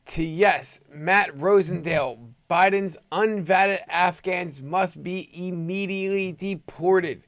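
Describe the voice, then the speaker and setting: A man's voice: high-pitched, takes it slowly, few pauses, dry recording. A man hosting an opinionated news commentary show, sarcastic and rambling as he reads headlines. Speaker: host.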